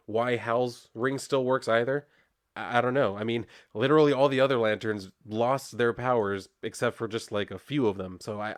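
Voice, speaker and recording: A young man casually reviewing a comic book, reading out dialogue in a rambling, chatty way with many fillers and restarts. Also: medium pitch.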